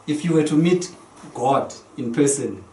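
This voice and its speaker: A man's voice: mid-range voice, expressive, measured pace, a little mellow, a little hiss or hum. Chill radio host guy, kinda far from the mic, echoey. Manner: easygoing, inquisitive. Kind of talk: hosting a radio chat. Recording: roomy, distant, faint ambience.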